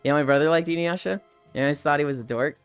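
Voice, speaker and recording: Rambly streamer chatting w chat, laughs a lot, curses, smooth voice, mid pitch. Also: fast, no room sound, soft background music. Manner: rambling, laughing, swears casually. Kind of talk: casual chat with live stream viewers. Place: outdoors walking.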